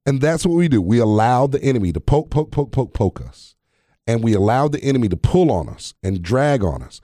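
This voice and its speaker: A man's voice: medium pitch, big pitch swings, brisk, mellow, dry recording, studio quality. A man hosting a casual faith podcast, preaching in repeated phrases and chuckling at his own jokes.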